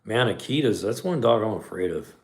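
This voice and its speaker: A man's voice: on the low side, animated, fairly quick, a little mellow. A middle-aged man hosting a podcast livestream, chatting casually and reading live comments in a laid-back way.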